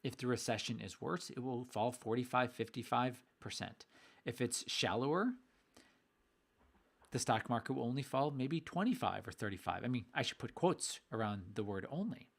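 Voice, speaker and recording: A middle-aged man giving a casual video lesson on investing, energetic, repeating phrases for emphasis with a mildly sarcastic edge. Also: mid-range voice, normal speed, creaky. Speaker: investing educator.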